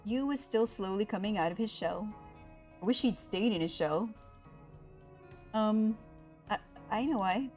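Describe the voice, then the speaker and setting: A young woman streamer reading a visual novel game aloud, voicing its story with feeling and chatting between lines. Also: medium pitch. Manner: expressive, voicing the inner monologue with rising panic.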